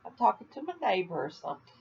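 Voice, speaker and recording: A woman's voice: medium pitch, sing-song, fast, creaky, lo-fi sound, slight background noise. An older woman from Florida chatting casually on a home video vlog, rambling and laughing at her own jokes. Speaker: vlogger. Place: at home, indoors.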